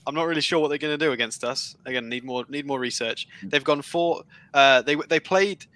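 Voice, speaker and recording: A man's voice: mid-range voice, brisk, pushed and bright, no echo. A man co-hosting a live fan stream, walking through match tactics in a matter-of-fact way. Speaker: co-host. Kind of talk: casual live-stream chat.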